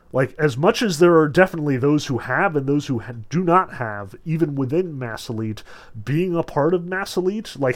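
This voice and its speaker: A man giving a casual literature lecture in a loose, chatty way, full of "like" and "um". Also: medium pitch. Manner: loose, filler-heavy, lots of "like" and "um".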